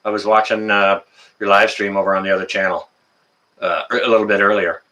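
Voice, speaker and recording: A man's voice: lowish voice, little pitch movement, a little fast, pushed and bright. A Canadian man hosting a casual livestream, greeting viewers in the chat by name and chatting with plenty of fillers. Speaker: livestream host.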